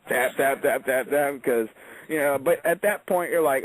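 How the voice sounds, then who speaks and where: A man's voice: medium pitch, moderate pace, bright, forceful tone, poor audio. A man, a wrestler, telling an in-ring story in a casual, profane interview, acting out quotes as he goes.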